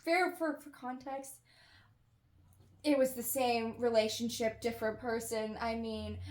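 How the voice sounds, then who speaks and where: A woman's voice: a little high, fairly even intonation, measured pace, echoey room. A young woman chatting casually with a friend, laid-back and frank, often giving short agreements. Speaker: guest friend. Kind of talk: casual chat.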